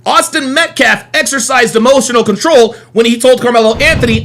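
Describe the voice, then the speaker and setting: Combative high-pitched male streamer. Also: fairly quick, fairly bright tone. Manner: combative, repetitive, profane. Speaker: host of a live call-in stream. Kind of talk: heated live stream commentary.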